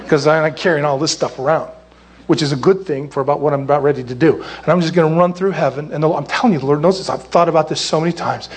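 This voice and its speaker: Animated husky-voiced preacher man. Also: on the high side. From California. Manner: animated, jokey preaching with squealing acted-out quotes. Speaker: pastor. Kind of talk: sermon.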